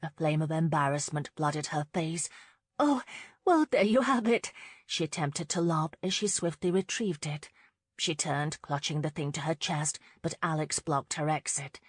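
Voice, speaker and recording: A woman narrating a romance audiobook in a measured, expressive reading on a close studio mic. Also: low-pitched, husky, dry recording. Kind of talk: scripted narration.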